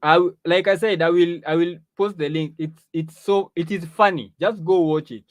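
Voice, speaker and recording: A man's voice: fairly high pitch, fairly even intonation, moderate pace, no room sound. A man hosting a talk show, commenting on clips in a chatty way and often repeating words as he talks. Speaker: host.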